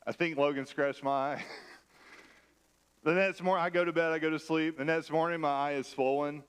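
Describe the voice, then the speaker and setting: Pastor guy preaching in church, chatty and self-deprecating with a bit of a higher voice, tells stories, jokes at his own expense. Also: steady tone, moderate pace, fairly bright tone, clean tone. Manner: conversational, self-deprecating humor. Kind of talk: sermon with personal storytelling.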